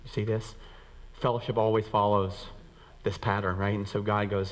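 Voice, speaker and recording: A man preaching a sermon as a pastor to his church, animated, acting out quoted voices and swinging between raised and lowered pitch. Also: moderate pace. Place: church sanctuary. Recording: reverberant hall.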